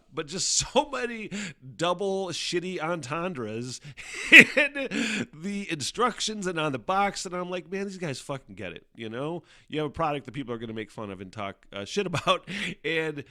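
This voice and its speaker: A man's voice: fairly high pitch, sing-song, measured pace, pushed and bright, no room sound, studio quality. A man hosting his own podcast, chatting casually and profanely, laughing often as he tells a story. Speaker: podcast host. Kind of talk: casual solo chat.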